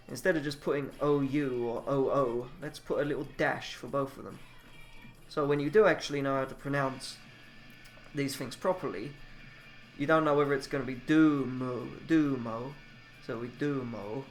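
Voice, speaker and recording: A man reading pronunciation notes aloud and adding grumbling, casual asides about the spelling. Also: medium pitch. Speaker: self-taught language learner. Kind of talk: reading aloud from a book with personal comments.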